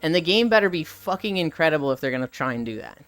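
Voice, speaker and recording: A woman streamer talks fast in a low, animated, slightly bright voice as she walks, with soft music playing behind her. Her casual live-stream chat is opinionated and emphatic, and she piles her points into long lists.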